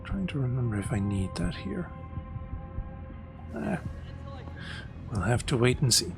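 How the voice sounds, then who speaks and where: A man's voice: mid-range voice, very animated, a little slow, gravelly, music in the background. A man giving casual gameplay commentary, thinking aloud with a wry, muttering manner. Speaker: let's play host.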